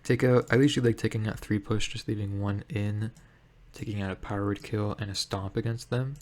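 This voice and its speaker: Man, fairly low voice, casual card game commentary, thinking aloud, hesitant fillers. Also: steady tone, brisk, a little mellow. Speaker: gameplay streamer.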